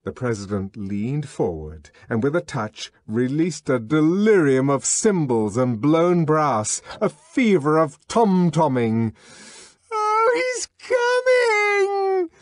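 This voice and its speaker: A man's voice: mid-range voice, big pitch swings, slow pace, hardly any pauses, darkish tone, dry recording, clean studio sound. A man narrating an audiobook in a dramatic, scripted reading.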